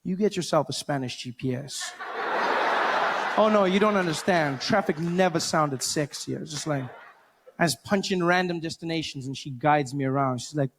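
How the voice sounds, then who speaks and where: Animated stand-up comedian, higher voice. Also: male voice, normal speed. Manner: animated storytelling with mimicry. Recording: live show clip with faint noise.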